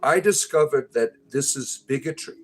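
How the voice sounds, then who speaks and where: A man's voice: medium pitch, normal speed. A man hosting a livestream, chatting casually and jokingly with viewers in a rambling way with many fillers and restarts. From United States. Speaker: livestream host.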